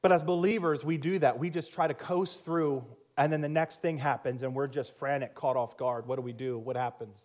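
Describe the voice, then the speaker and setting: A man's voice: mid-range voice, fairly even intonation, brisk, few pauses, a little mellow. A male pastor, probably in his thirties, preaching a sermon and telling a personal story with frequent laughter and self-mocking humor.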